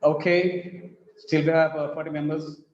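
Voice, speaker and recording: A man with an Indian English accent teaching English stress patterns in an online class, speaking slowly and repeating example sentences with shifting emphasis. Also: on the high side, level tone, darkish tone. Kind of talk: online lecture. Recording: echoey, muffled online call audio.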